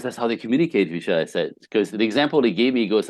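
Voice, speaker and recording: A man's voice: fairly low pitch, lively intonation, very fast, hardly any pauses, dry recording. A middle-aged man, a podcast guest, telling relationship stories with emphasis and acting out the dialogue. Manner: emphatic storyteller, acts out dialogue, laughs often. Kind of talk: animated conversational interview.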